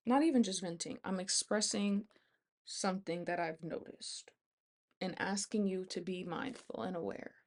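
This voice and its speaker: A young woman chats to her camera in a relaxed storytime vlog. She talks in a conversational way and slips into quoted dialogue as she retells what happened. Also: on the low side, moderate pace. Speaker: vlogger. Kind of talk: casual storytime chat.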